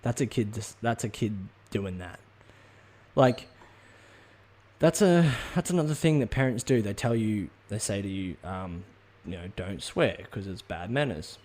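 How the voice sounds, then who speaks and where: A man's voice: fairly low pitch, animated, a little slow, dark tone. A man hosting his own show, ranting casually in a profane, rambling way with lots of ums and restarts. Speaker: podcast host. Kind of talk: casual comedic rant.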